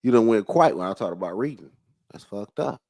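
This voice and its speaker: A man hosting a casual livestream chat, excitable and profane, jumping between loud outbursts and low muttering, and stumbling when he reads aloud. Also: brisk, no echo, low-quality recording. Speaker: livestream host.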